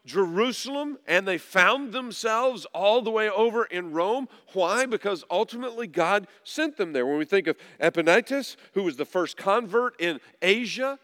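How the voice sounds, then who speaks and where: A pastor preaching a sermon, dropping low and soft at times, then rising loud to press a point. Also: male voice. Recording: long reverb of a large hall.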